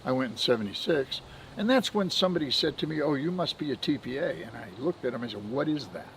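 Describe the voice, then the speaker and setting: A man's voice: mid-range voice, expressive, quick pace, gravelly, a bit bright, a little hiss or hum, rough recording. Older guy in his 70s telling old business stories on a podcast, folksy, chuckles a lot. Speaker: podcast guest, benefits administrator. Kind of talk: anecdotal storytelling.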